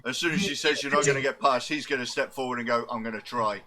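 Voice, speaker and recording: A man's voice: medium pitch, fairly even intonation, quick pace, a loud crowd. A man playing a tabletop game, stating his character's moves bluntly. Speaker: player.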